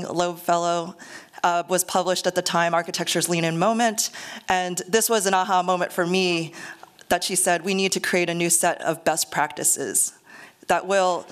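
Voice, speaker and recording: A middle-aged woman gives a lecture to a live audience in an earnest, conversational way, with a dry joke here and there. Her voice sits on the low side and comes across smooth and clear. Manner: earnest, conversational, self-deprecating humor. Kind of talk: public lecture.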